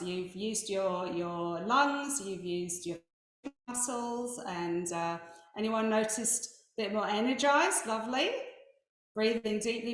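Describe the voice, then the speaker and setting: A woman facilitating a laughter wellness session over a video call, giving encouraging step-by-step cues for breathing and laughing. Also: fairly high pitch. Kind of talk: guided group exercise instruction. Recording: very echoey online call.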